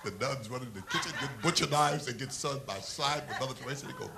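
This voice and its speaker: A man's voice: mid-range voice, fast talker, creaky, few pauses, noisy background. A man doing a stand-up comedy set, telling blunt, profane, provocative stories.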